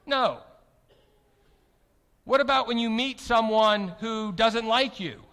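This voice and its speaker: A man preaching a sermon, emphatic, with rhetorical questions, swinging from loud proclamations to quiet, soft passages. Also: very high-pitched, slow, clear, resonant tone. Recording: reverberant hall.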